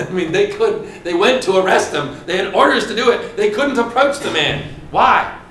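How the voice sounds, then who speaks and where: High-voiced preacher in an echoey hall. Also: male voice, animated, fairly bright tone, a little hiss or hum. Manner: questions the congregation, dramatic pauses and emphasis. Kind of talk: sermon. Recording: echoey room with faint ambience.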